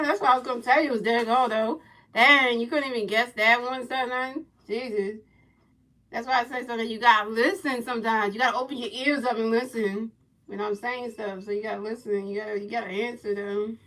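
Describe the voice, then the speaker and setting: A woman livestreaming a baseball video game, giving playful play-by-play commentary, teasing her chat with repeated questions and sing-song pitch calls. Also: steady tone, fairly quick, a bit bright, low-quality recording. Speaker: gaming livestreamer.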